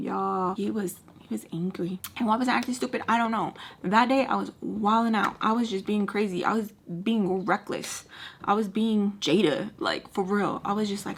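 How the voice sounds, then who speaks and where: A woman's voice: medium pitch, normal speed, creaky, husky. A young woman in her twenties, casually telling an emotional story while doing her makeup, acting out the people in it and cursing freely, mixed in. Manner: animated, emotional, acts out quotes, curses freely. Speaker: beauty vlogger telling a story.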